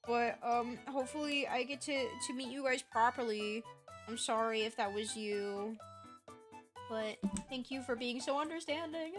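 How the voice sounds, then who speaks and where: A young woman streamer telling a trip story in casual live-stream chat, animated and swearing freely. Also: fairly high pitch.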